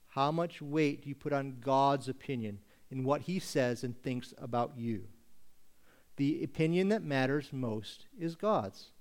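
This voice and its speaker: Emphatic preacher man, fairly high voice. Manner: emphatic, deliberate, rhetorical questions. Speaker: pastor. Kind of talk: sermon.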